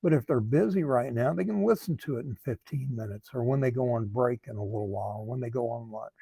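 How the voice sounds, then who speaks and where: A man speaking as a recovery coach, giving earnest advice to camera in a slow, thoughtful way that often repeats words. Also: mid-range voice, gravelly, mellow, husky, dry recording. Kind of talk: talking to camera, advice monologue.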